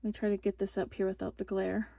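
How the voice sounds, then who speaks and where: A woman's voice: mid-range voice, level tone, quick pace, vocal fry, mellow, dry recording. A woman hosting a casual craft tutorial, chatty and rambling, full of fillers and restarts, recorded on a phone.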